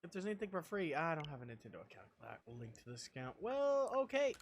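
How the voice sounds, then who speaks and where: A man's voice: on the high side, wildly swooping pitch, fast talker. A man streaming a video game, rambling playfully to himself as he plays. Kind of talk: casual gameplay commentary.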